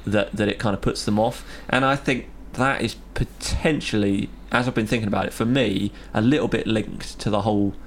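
A man's voice: fairly low pitch, steady tone, normal speed, creaky, hardly any pauses, a little hiss or hum. A young man hosting a podcast, chatting easily about faith and often laughing. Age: young adult. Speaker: podcast host. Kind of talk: casual chat on faith.

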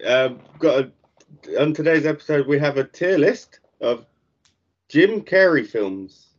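Deadpan male podcast co-host. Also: normal speed, dull audio. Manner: deadpan, low-key. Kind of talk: casual podcast chat.

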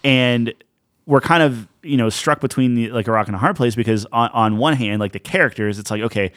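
A man's voice: medium pitch, a little fast, a bit bright, no room sound, studio quality. A young man co-hosting a podcast in casual chat, talking loosely with lots of "like" and fillers. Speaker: podcast co-host.

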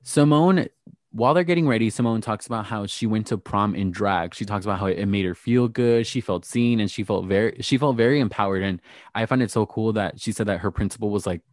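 A man's voice: fairly low pitch, a little fast, no room sound, studio quality. A man co-hosting a podcast, recapping a TV show in sassy, gossipy casual chat. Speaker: podcast host.

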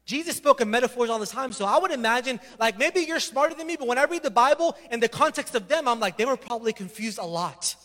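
A male pastor preaches a sermon with a very high voice. He tells the story with animated energy and slips into acted voices. His words ring out with a long reverb in a large hall. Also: fast talker, few pauses.

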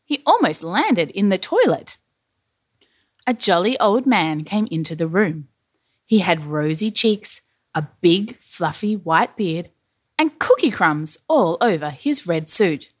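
Slow storytime lady, super animated, a bit breathy, faint music. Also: fairly low pitch, dry recording, clean studio sound. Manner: lively, animated, slow-paced narration. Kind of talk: children's story reading.

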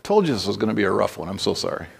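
A man's voice: lowish voice, big pitch swings, very fast, creaky, slightly rough. A man preaching a sermon as pastor, telling stories conversationally and breaking into blunt exhortations, with frequent restarts.

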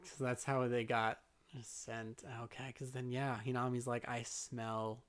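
A woman co-hosting a casual recap chat, relaxed and chatty, with the odd swear word. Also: rumbling low, normal speed. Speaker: podcast co-host.

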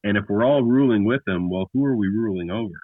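A man's voice: lowish voice, fast, no room sound. A man, a podcast guest, talking bluntly and emphatically about scripture in a casual discussion with frequent restarts. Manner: blunt, emphatic storyteller who often restarts. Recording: tinny phone-like line.

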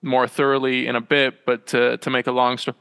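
A young man, a small business owner talking from home as a podcast guest, in a halting, rambling way full of fillers and self-corrections. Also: medium pitch, completely flat delivery, gravelly, fairly bright tone, clean tone, in a large hall. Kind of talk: casual interview chat. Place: small room at home with a loft bed.

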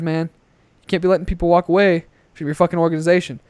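Young man, podcast co-host, casual, swears a lot, slightly high voice, smooth, dry close sound. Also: quick pace, no room sound. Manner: ranting, profane, animated. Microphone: headset.

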